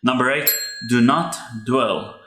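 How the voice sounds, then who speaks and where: A man's voice: mid-range voice, slow, pushed and bright, slight background noise. A man, a pastor's son hosting a podcast, giving earnest, heartfelt advice about grief. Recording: echoey room.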